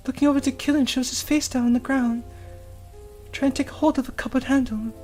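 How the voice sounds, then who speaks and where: A woman voicing a gentle, devoted young woman in a visual novel, narrating softly in first person and comforting someone she loves. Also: high voice, steady tone, brisk, soft background music, lightly acted. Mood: tender. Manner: soft, tender, hushed delivery.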